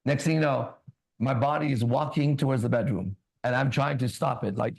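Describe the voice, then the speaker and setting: A man hosting a ministry talk, telling a personal story in a loose, casual way and reading scripture slowly. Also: mid-range voice, gravelly. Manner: casual, tags lines with "right?" and "bro", laughs often; reads scripture slowly and deliberately. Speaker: ministry host.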